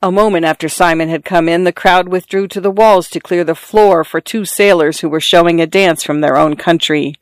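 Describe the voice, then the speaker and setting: A narrator reading a literary story aloud in a measured, even storytelling manner. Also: medium pitch, clear, resonant tone, dry recording.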